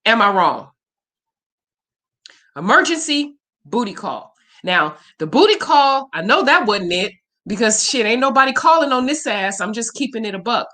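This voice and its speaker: A woman's voice: mid-range voice, lively intonation, a little fast, pushed and bright. Woman, spiritual reader hosting a livestream; candid, emotional, salty chat. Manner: candid, profane, emotional and chatty. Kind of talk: casual livestream Q&A.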